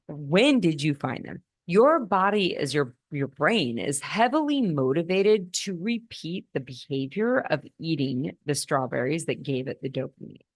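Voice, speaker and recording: Low-voiced woman explaining nutrition. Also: no room sound, studio quality. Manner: explanatory, with frequent restarts and slow emphasis. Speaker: physician and podcast host. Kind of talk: educational talk on nutrition.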